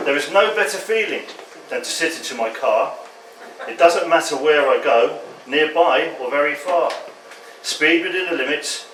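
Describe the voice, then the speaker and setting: A man reading his own poems at a pub open mic, in a wry, deadpan way. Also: medium pitch. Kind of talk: poetry reading. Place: pub function room. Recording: roomy pub from a distant mic with background noise.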